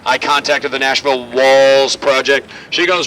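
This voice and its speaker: A man leading a walking tour outdoors, telling stories in a lively, joking way. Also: medium pitch, measured pace. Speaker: tour guide. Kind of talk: guided walking tour talk. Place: outdoors on a city street. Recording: distant outdoor mic, faint street noise.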